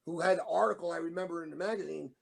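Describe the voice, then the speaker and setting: A middle-aged man with a high, gravelly voice, telling long rambling stories in a casual way. He acts out the other people's lines as he goes. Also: rapid-fire. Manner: rambling anecdotes, acts out quoted dialogue. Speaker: show co-host, former wrestler. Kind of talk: casual storytelling.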